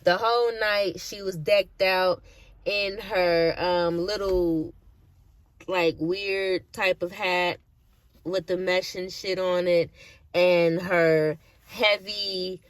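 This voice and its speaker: A woman's voice: on the low side, steady tone, slow pace, dry recording. A woman chatting casually in a reaction video, candid and profane, with lots of slang and asides. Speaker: vlogger reacting to an awards show.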